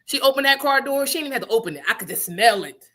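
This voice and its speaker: A woman co-hosting a radio show, telling a story in casual chat, animated and swearing, laughing often and acting out what people said. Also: sits high, rapid-fire. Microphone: studio microphone.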